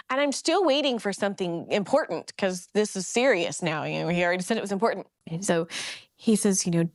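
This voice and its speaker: A middle-aged woman telling a personal story in a casual, animated way, acting out the people she quotes. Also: mid-range voice, fairly quick, dry recording, studio quality. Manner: animated, acts out quoted voices. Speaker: ex-Mormon storyteller.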